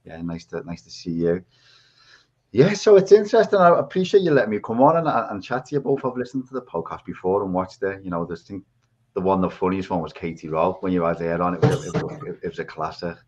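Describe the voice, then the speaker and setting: Scouse guy rambling on about his life, lowish voice, bit dull lo-fi sound. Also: animated, brisk, a little mellow. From England. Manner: rambling storyteller. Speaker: podcast guest. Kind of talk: casual chat. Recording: dull lo-fi audio.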